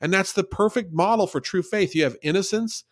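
A man's voice: high voice, fairly quick, no room sound, studio quality. A man giving a conversational Bible study, talking in an earnest, folksy way and repeating points for emphasis.

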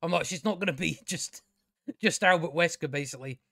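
A man's voice: on the high side, fairly quick, pushed and bright, no echo, clean studio sound. A man giving a casual, rambling review of a TV episode, chatty, with frequent restarts and casual swearing. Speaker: TV review channel host.

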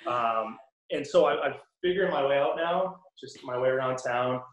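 A man's voice: mid-range voice, normal speed, echoey room, rough recording. Laid-back man with a Boston accent. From Boston area. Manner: relaxed, lots of ums and laughs. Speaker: podcast guest, hockey player. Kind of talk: casual chat.

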